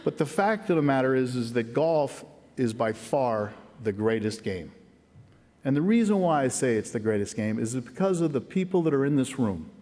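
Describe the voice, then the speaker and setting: A middle-aged man at a lectern in a large ceremony hall, his words trailing off into a long, ringing reverb. He talks in an earnest, folksy way, warmly spinning anecdotes for the crowd in a voice of ordinary middle pitch. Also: sing-song, normal speed. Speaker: hall of fame inductee. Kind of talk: acceptance speech with storytelling.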